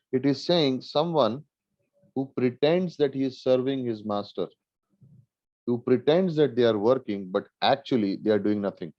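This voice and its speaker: Pastor guy from india teaching bible class, kinda low voice, repeats stuff for emphasis, dull dry recording. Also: no room sound. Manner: earnest, rhetorical questions, repeats phrases for emphasis.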